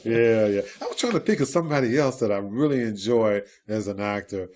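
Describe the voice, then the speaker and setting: A man's voice: lowish voice, lively intonation, fairly quick, darkish tone. A man, an actor being interviewed, talking casually with many fillers and frequent laughs. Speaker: actor guest.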